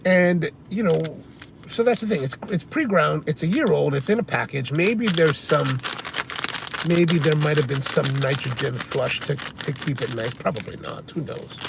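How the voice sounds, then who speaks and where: Male car vlogger, casual and rambling, gravelly voice, faint road noise. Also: a little high, moderate pace. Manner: chatty, rambling, answers viewer comments. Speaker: coffee vlogger. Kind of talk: casual chat while driving. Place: inside a car on the highway.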